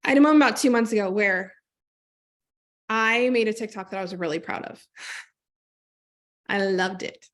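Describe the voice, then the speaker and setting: A woman coaching a group on a call, telling a personal story in a lively, conversational way and speaking straight to her listeners. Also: medium pitch, normal speed, long pauses. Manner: animated storytelling, acts out quoted voices; conversational, direct address to listeners. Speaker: trauma-informed business coach.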